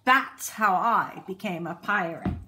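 A woman storyteller reading a children's storybook aloud in an unhurried, expressive way. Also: medium pitch.

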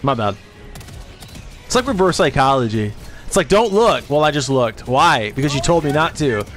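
A man's voice: expressive, normal speed, a bit bright, faint music behind. Rambling, profane man streaming a game. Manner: rambling, profane, jumps into high squeaky voices for quotes. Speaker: livestreamer. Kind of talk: rambling casual chat while gaming.

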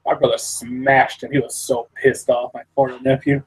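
A man with a husky, slightly breathy voice, telling an amused anecdote in a casual podcast chat. His pitch sits in a middle range. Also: little pitch movement, normal speed, poor audio. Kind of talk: casual storytelling.

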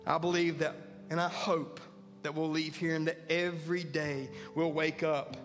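High-voiced pastor preaching in a hall. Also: male voice, level tone, moderate pace, a bit bright. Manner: earnest, rising to emphatic peaks. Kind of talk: sermon. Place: church sanctuary. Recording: church hall reverb with faint music.

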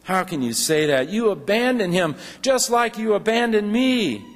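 A man's voice: high-pitched, lively intonation, normal speed, big-room sound, pitched above the performer's own voice. A man reading the lines of a grieving father who distrusts God, in a raised, pleading voice. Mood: accusing.

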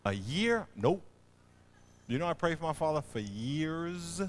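A middle-aged man preaching a sermon as pastor, animated and folksy, telling stories with loud emphatic bursts. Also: on the high side, a little slow. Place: church auditorium.

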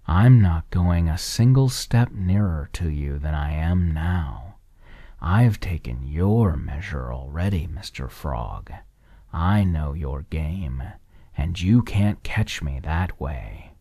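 In a soft whispered role-play, a man voices a small young meadow mouse, cautious and shrewd, a little higher than a low, husky base. The voice stays slow and hushed for a bedtime storybook. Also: expressive, no echo, heavily acted. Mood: firm. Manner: wary, polite, then firm.

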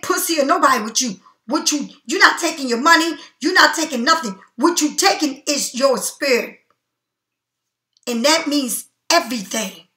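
A woman reading tarot cards in a high, bright voice, blunt and swearing freely as she preaches at the listener. She speaks in an echoey room. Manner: blunt, profane, preachy and emphatic. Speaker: tarot card reader. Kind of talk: casual tarot reading monologue.

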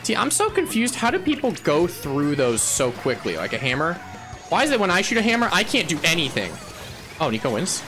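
A man streaming a game live, chatting to viewers in a playful, goofy way, laughing often and yelling when he wins. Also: fairly high pitch, wildly swooping pitch, a little fast, over music. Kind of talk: casual live gameplay chatter.

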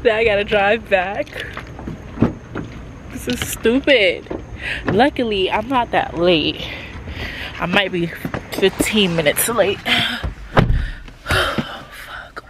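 A woman in her twenties talks into her phone from a car, chatty and openly nervous, with plenty of swearing. Her voice sits in a middle range. Clear car and street noise runs under it. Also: medium pitch, slow, long pauses. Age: 20s. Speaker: vlogger. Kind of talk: casual vlog monologue. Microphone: handheld phone or camera.

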